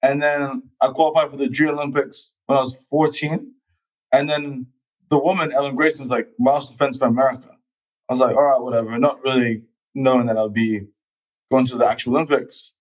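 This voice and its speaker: An English guest athlete in his thirties recounts his life story in relaxed conversation, animated and acting out quoted voices. He speaks at medium pitch, a little fast, on a rough recording.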